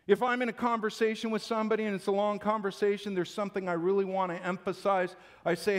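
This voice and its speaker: A man's voice: high-pitched, fairly even intonation, a little fast, few pauses. A male pastor preaching a Sunday-morning sermon in an emphatic, conversational way.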